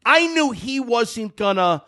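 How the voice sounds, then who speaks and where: A man in his thirties from New Jersey, co-hosting a podcast and telling a story in casual chat, loud and animated with bursts of shouting. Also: extremely high pitch, takes it slowly. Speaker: podcast co-host.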